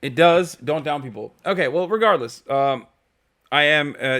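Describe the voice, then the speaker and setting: A man's voice: a little high, moderate pace, fairly bright tone. A man streaming live, reacting to news clips with emphatic, profane, rambling commentary full of fillers. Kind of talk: casual political commentary.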